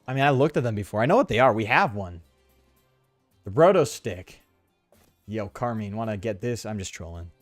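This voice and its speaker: A man streams a game in casual, joking commentary, throwing in crude slang and reading the game's text aloud. His pitch bounces up and down as he reacts. The voice sits close and dry, with no room around it. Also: expressive, normal speed, pauses often, no echo, faint music behind. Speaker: let's play streamer.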